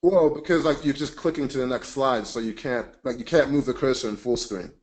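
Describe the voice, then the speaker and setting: A man's voice: medium pitch, fairly quick, a little mellow. A man presenting a casual teaching webinar, chatty and emphatic, joking about himself.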